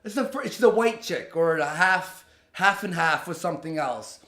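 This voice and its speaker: Man ranting fast with lots of swearing. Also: fairly high pitch, roomy sound. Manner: heated, profane, animated retelling with quoted dialogue. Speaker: vlogger telling a story. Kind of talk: ranting storytime.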